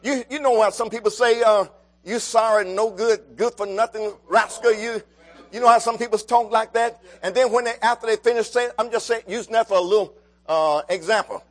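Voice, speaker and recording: A preacher with a very high voice delivers a sermon to his congregation. He swings between quiet stretches and loud, emphatic bursts, calling out to the room to respond. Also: fairly quick. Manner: calls out to the congregation, rising and falling emphasis.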